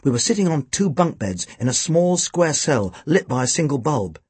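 Husky man reading a storybook aloud. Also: fairly high pitch, very animated, normal speed, a little mellow, no echo. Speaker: audiobook reader. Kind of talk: storybook narration.

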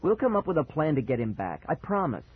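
An earnest little girl, gentle and reassuring, with a high voice, as a man puts her on. Her lines come soft and kind. The recording is dry and tinny, with a husky grain. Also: big pitch swings, fast talker, no echo. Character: loyal young girl, gentle and earnest friend. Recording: dry, tinny phone-like sound.

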